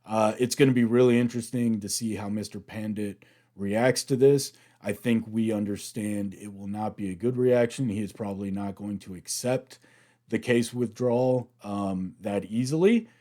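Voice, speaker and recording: An American man hosting a reaction video, chatting through an episode recap in an animated way. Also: lowish voice, normal speed. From United States. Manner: chatty, animated retelling, acts out quotes.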